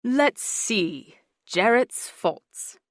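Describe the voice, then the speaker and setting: Woman doing a deadpan teasing Englishman. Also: on the high side, drawn-out words, no room sound, studio quality, voice pushed up. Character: teasing dry-humored man.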